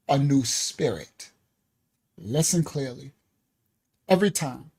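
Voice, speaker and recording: A ministry teacher leads an interactive class, drawing the room in and spelling out each new term letter by letter. The pace is slow and unhurried, yet the pitch climbs and dips freely from phrase to phrase. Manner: spells out terms letter by letter, addresses the class as y'all; coaxes the audience to join in.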